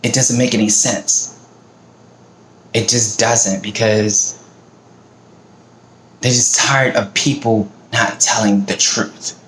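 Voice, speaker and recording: A man's voice: lowish voice, fairly even intonation, slow, long pauses, a bit bright. A middle-aged man from the American South talking in a blunt, profane, fired-up casual monologue. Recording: roomy echo, faint background noise.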